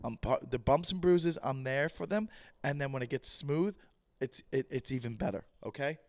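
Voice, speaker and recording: Male podcast host, rambling comic monologue, slightly rough voice, dry close sound. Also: medium pitch, moderate pace, no echo. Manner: rambling, jokey, repeats himself. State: voice a bit rough, clearing throat. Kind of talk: casual solo podcast monologue.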